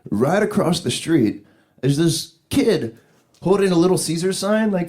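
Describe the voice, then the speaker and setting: A man's voice: a little high, lively intonation, normal speed, darkish tone. A man doing a rambling, profane stand-up comedy set, chuckling at his own jokes. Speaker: stand-up comic. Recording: live club recording with crowd noise.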